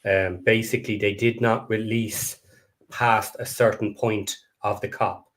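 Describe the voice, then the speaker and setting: Male panelist, lower voice, plain and informative. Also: flat delivery, measured pace, a bit bright. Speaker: podcast panelist. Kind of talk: casual podcast chat.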